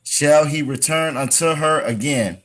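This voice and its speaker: A man in a class who reads scripture verses aloud in a plain, measured way. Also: on the high side. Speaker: student reading scripture aloud.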